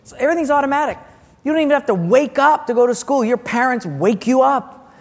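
High-voiced pastor preaching in a hall. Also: male voice, fast. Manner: animated storytelling, acts out characters with loud outbursts. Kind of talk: sermon.

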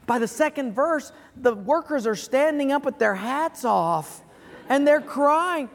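A man with a high voice preaches to his congregation, drawing listeners in with an earnest story. His sermon fills a large auditorium, and each phrase trails off into a long hall reverb. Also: lively intonation, measured pace. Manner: earnest, storytelling, chuckles at his own punchline. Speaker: pastor.

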